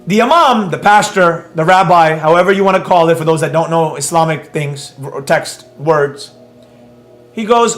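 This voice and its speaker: A man's voice: on the high side, moderate pace, a bit bright, roomy sound. A man teaching a live trading class in a brash, mocking, rambling way, with faint music behind. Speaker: trading instructor.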